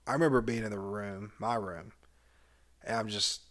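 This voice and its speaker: A man, a cheer coach, casually retelling a past season in a candid, animated way with some swearing. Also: lowish voice, measured pace. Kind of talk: casual memoir storytelling.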